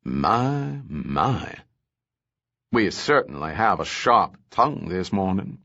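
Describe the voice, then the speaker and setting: Male reader as cold mannered villain, low slow menace, muffled audiobook sound. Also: big pitch swings, vocal fry, sharp tone, full character voice. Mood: menacing. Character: cold, languid male villain, pleased with himself.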